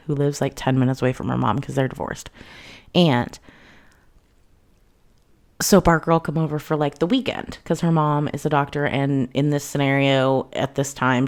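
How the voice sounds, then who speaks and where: A woman's voice: low-pitched, darkish tone. A young woman casually recapping a novel's plot, chatty and full of "like," lightly acting out the characters' lines. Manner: chatty, many "like"s, acts out quotes lightly. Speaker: book reviewer.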